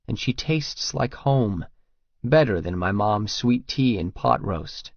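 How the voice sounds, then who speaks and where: A man narrating a first-person romance audiobook in a steady, intimate storytelling voice. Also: on the low side, dry recording. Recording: dull, lo-fi sound.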